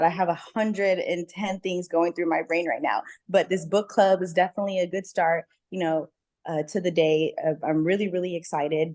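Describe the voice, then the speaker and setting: An earnest woman speaks on a group video call, leaning hard on her words and repeating them for emphasis. Her voice sits a little low for a woman. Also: darkish tone. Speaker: book club member about to host an event. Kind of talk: casual call sharing.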